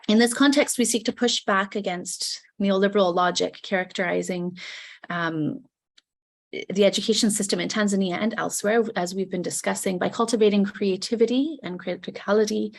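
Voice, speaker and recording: A woman at mid pitch delivers a formal academic presentation over a video call. She speaks in long, carefully worded sentences, close to reading from a text. Her delivery is articulate and composed. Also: moderate pace, creaky. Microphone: video call microphone.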